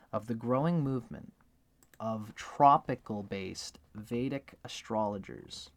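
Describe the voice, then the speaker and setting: Male teacher, mid-pitched, casual lecture voice, acts out his examples. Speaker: astrology teacher. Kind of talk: casual spoken book review.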